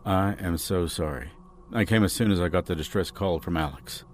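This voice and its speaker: A man voicing a soft-spoken, reassuring man with a quietly sinister edge in an audiobook, speaking low and hushed. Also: normal speed, slight background noise, natural voice. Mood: calm. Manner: hushed, low, soothing delivery. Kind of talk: audiobook character reading.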